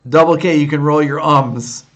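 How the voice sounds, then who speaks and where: A man's voice: fairly high pitch, steady tone, moderate pace, fairly bright tone, lo-fi sound. A man in his fifties with an upstate New York accent, chatting candidly on a late-night livestream and answering viewers' comments in a rambling way. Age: 50s. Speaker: livestream host answering chat.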